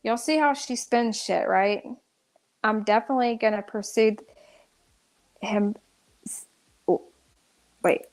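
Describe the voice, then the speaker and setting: A woman's voice: on the high side, takes it slowly, pauses often. A woman ranting through live commentary, exasperated and restarting often. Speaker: drama commentary streamer.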